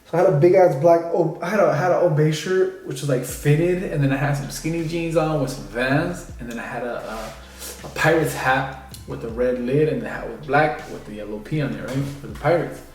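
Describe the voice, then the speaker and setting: A man's voice: on the high side, brisk. A young man telling a personal story in a casual, rambling way, with many fillers. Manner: rambling, filler-heavy, lots of "like" and "you know". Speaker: vlogger. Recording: echoey room, distant mic.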